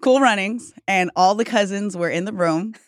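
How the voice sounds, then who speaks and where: A woman who is a guest on a podcast, chatting casually as an animated storyteller who laughs often. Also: mid-range voice, moderate pace, no room sound, clean studio sound. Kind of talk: casual chat.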